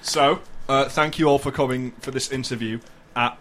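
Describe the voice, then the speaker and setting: A man's voice: mid-range voice, steady tone, moderate pace, crowd noise. A man hosting an improv game as a mock-formal interviewer, stammering at times. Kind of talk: improv comedy.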